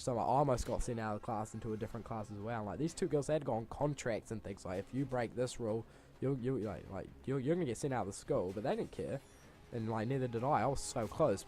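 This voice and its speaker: Swearing young gaming storyteller. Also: male voice, mid-range voice, a little mellow, a little hiss or hum. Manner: swears freely, rambling and exaggerating. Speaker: gaming channel host. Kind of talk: casual storytelling over gameplay.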